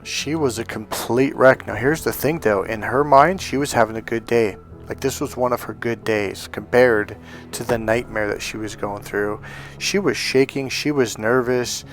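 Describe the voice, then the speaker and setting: A man's voice: mid-range voice, moderate pace, soft background music. A middle-aged man, a relationship coach, telling a personal story in a casual monologue, acting out the voices of the people he quotes, with lots of fillers. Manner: animated, acts out quoted voices, many fillers.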